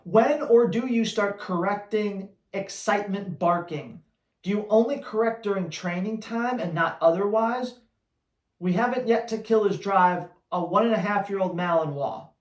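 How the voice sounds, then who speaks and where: A man who trains dogs, answering viewer questions on a live Q&A in a blunt, energetic, slangy way. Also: high-pitched, normal speed, reverberant. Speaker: dog trainer.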